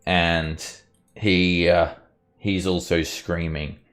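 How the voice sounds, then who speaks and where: A man narrating a tabletop game as dungeon master, telling the scene in a relaxed, lively way. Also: sits low, drawn-out words. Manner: relaxed, lively storytelling with fillers.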